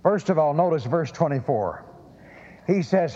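A fairly high-voiced man delivers a sermon with insistent emphasis, often doubling back on his words as he presses a point. The recording sounds muffled and lo-fi, and a long reverb trails his voice as if he is in a large hall. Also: animated, unhurried, mellow. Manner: emphatic, repeats phrases, hesitant restarts. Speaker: preacher.

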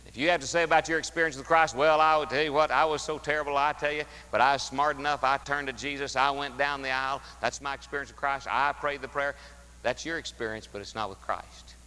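A man's voice: mid-range voice, steady tone, fast, clear, resonant tone. Emphatic preacher man in a reverberant sanctuary. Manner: emphatic, swings from loud to hushed. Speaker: pastor. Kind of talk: sermon. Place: church sanctuary.

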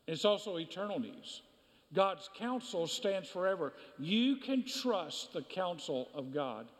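High-voiced preaching man in a reverberant hall. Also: expressive, unhurried. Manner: emphatic preaching with repetition. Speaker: pastor. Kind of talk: sermon.

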